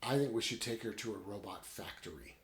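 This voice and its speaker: A man voicing a father who speaks low and hushed while explaining a plan. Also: lively intonation, brisk, reverberant, lightly acted. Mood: conspiratorial.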